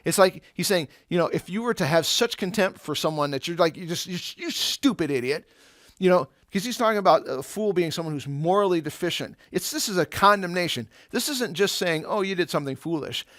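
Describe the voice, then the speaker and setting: A Bible teacher walks students through a lesson in a relaxed, conversational manner, posing rhetorical questions and using everyday examples. His slightly high voice moves a little fast with few pauses. The recording is close and dry, with no room sound.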